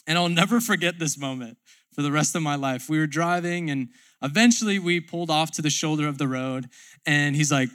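A man's voice: a little high, brisk, fairly bright tone. A man pastor preaching a sermon, telling a personal story in a casual, chatty way.

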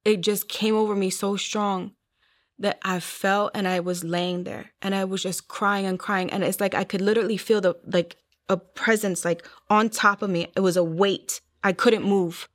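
A woman's voice: mid-range voice, fairly even intonation, normal speed. A young adult woman telling her personal testimony in an interview, earnest, acting out what others said. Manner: earnest storytelling, acting out quoted voices. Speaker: guest sharing her testimony.

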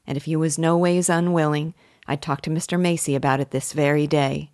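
A woman's voice: deep voice, fairly even intonation, a little fast, a little mellow, no room sound, studio quality. A woman reading the part of a kindly, pious village wife who chats earnestly in rustic country dialect.

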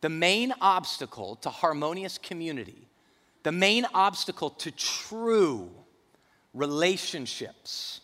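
A man's voice: fairly high pitch, animated, takes it slowly, pushed and bright, long reverb tail. A male pastor preaching a sermon in a church, emphatic and repeating key phrases.

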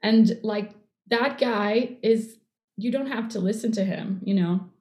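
A middle-aged woman in casual conversation, rambling and warm, with many fillers. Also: mid-range voice, measured pace. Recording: echoey room.

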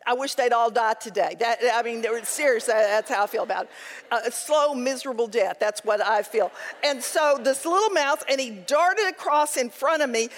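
A woman teaching a Bible study, mixing scripture with lively, humorous personal stories. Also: a little high. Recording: long hall reverb.

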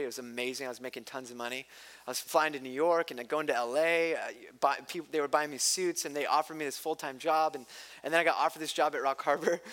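A man's voice: fairly high pitch, fairly bright tone. A male pastor preaching a sermon, impassioned and building to emphatic peaks, with chatty personal asides. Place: church.

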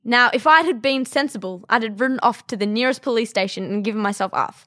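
A woman's voice: on the high side, quick pace, bright, forceful tone, no room sound, clean studio sound. A woman with an Australian accent reading the first-person account of a male bushranger in a casual role play. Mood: narrating. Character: male bushranger telling his own story. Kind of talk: comic read-along role play.

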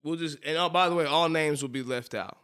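A man co-hosting a podcast with a Southern US accent, telling a college story in casual chat, animated and quick to laugh. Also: a little high, smooth. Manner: animated storyteller, laughs often, says "bro". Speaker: podcast co-host.

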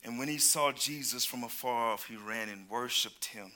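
A male preacher in full sermon, his voice bright, sharp and pressing forward. He calls out to the people in front of him and moves between loud exclamations and low, quick asides. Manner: calls out to the congregation.

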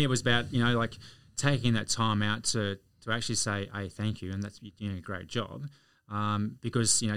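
Australian man, chatty storyteller guest, gravelly, bright tone. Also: on the low side, no room sound. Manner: chatty, anecdotal, chuckles through stories. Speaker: podcast guest. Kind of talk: casual storytelling.

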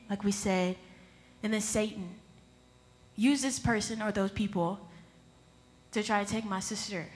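A woman's voice: on the high side, in a large hall. A woman speaking at a youth church service, sharing an emotional personal testimony and rising into fervent exhortation. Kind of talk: sermon.

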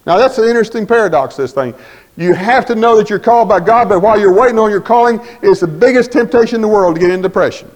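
A man's voice: high voice, fast, poor audio. A man preaching a sermon in a folksy storytelling way, acting out conversations.

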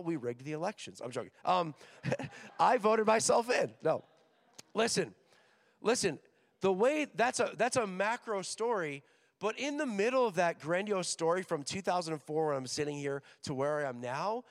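A man with a high voice preaching to a crowd of students in a big hall, his words trailing off in a long reverb. He talks with energy, jokes with the room and slips into quick voices for the people in his stories. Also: lively intonation, gravelly. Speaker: missions director speaking at a school chapel. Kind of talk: sermon. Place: large hall with an audience.

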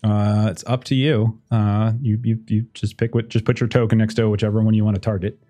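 Running a tabletop game as game master, this man thinks out loud, fills his speech with fillers, and laughs a lot while talking. His voice is warm and on the low side, with little pitch movement and a fairly quick pace. There's faint music behind him.

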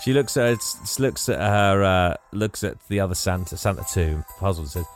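An English man hosting a podcast, retelling a film with lots of laughter and animated storytelling. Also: deep voice, moderate pace, hardly any pauses, soft background music. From England. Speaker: podcast host. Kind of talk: casual chat, retelling a film.

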